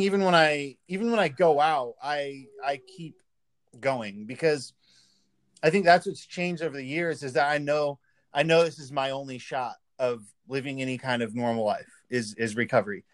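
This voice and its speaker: A man in recovery speaking candidly and haltingly in casual conversation. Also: medium pitch, no echo. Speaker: guest in recovery.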